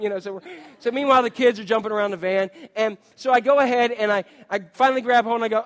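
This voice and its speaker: Man, pastor, high voice, animated storytelling sermon, middle-aged. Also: fast.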